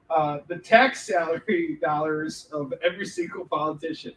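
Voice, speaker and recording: A man's voice: a little high, fairly even intonation, normal speed, hardly any pauses, fairly bright tone. A man, a comic book artist, rambling and joking through a casual livestream Q&A. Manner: joking, rambling, laughs often. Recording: distant mic, faint background noise.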